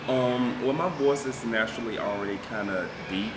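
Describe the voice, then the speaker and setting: Young man, lowish pitch, relaxed chatty storyteller; recorded in an echoey, noisy room. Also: normal speed. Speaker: interviewee. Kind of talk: casual interview answer. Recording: echoey room with loud background noise.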